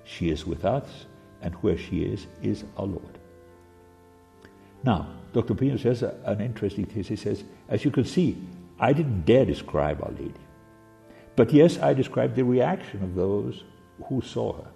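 A man giving a devotional sermon, halting and full of fillers and restarts. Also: fairly low pitch, animated, vocal fry, dark tone. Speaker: preacher. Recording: long reverb with faint music.

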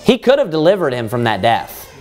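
A man, a pastor, preaching a Bible study sermon, reading verses slowly and then explaining them in plain words, rising in force to stress his points. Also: huge pitch swings, a little mellow. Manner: rises in pitch and force when stressing points.

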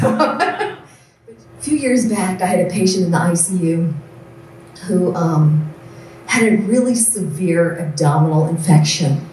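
A woman tells earnest testimony stories in a mellow voice, slipping into the voices of the people in them. She sounds distant from the mic, in a very reverberant hall, with faint ambient noise. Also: lowish voice, expressive, measured pace, long pauses. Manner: earnest storyteller, acts out quoted voices. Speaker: nurse giving a testimony. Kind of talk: personal testimony speech. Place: large event hall. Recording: echoey room from far off.

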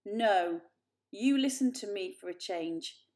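A woman voicing a domineering father cat who speaks loudly and commands. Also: mid-range voice, expressive, slow. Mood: dismissive. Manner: loud and commanding.

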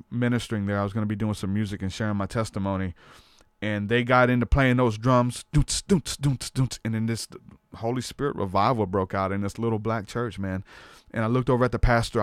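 A man's voice: on the low side, steady tone, brisk, clean tone, no echo. Earnest man telling a testimony, dry close sound. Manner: earnest, storytelling, peppers speech with "man". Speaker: podcast host. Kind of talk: personal testimony in casual talk.

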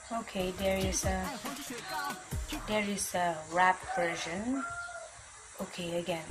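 A woman hosts a casual reaction video, talking straight to her viewers in a chatty, bemused way. Her voice sits at an ordinary middle pitch. A clear steady noise runs under the recording. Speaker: reaction channel host.

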